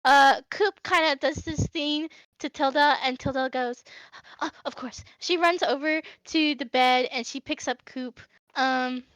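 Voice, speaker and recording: A woman's voice: high-pitched, fairly even intonation, unhurried, hardly any pauses, a bit bright, dry recording. A woman narrating as game master of a tabletop game, hesitant and full of fillers.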